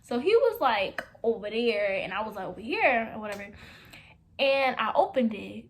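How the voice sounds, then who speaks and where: A woman's voice: on the high side, big pitch swings, normal speed. A young woman vlogger telling a casual story. She acts out both sides of old conversations, with dramatic gasps and whispered asides.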